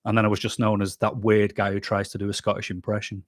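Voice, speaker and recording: A man's voice: lowish voice, completely flat delivery, fast, few pauses, dry recording, clean studio sound. A man hosting a casual live stream, reading out chat comments and answering them bluntly. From England. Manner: blunt, chatty, reads comments aloud then answers. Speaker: YouTube channel host reading live chat.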